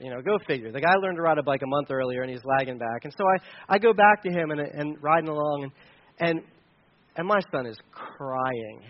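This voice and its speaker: A man, a pastor, preaching a sermon and telling a personal story in an animated way, with many restarts. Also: fairly high pitch, dull audio.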